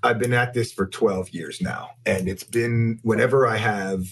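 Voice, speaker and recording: A man's voice: lowish voice, steady tone, measured pace, slightly rough. A man from Canada, a company founder talking as a podcast guest in a rambling way that often restarts sentences. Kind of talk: casual podcast interview.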